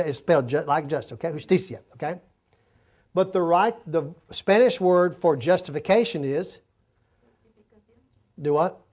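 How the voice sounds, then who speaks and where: A man's voice: sits high, a little mellow. A man teaching a sermon to a congregation, explaining words and asking listeners to help him. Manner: explanatory, talks to congregation, asks them for help. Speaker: preacher.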